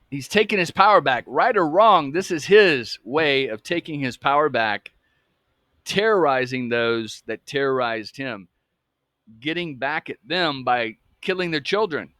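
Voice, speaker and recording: A man's voice: on the high side, a bit bright, no room sound. Profane, emphatic man in his fifties. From Atlanta, US South. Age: 50s. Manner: emphatic, profane, keeps asking "okay?" and "folks". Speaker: true-crime channel host. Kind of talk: casual monologue.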